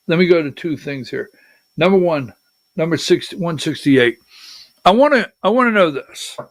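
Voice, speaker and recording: A man's voice: fairly high pitch, fairly bright tone, no echo, studio quality. An older man hosting a political talk livestream, rambling from topic to topic in a chatty way and calling out instructions to his producer as he goes. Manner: chatty, jumps between topics, talks to his producer mid-show. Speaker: political talk show host.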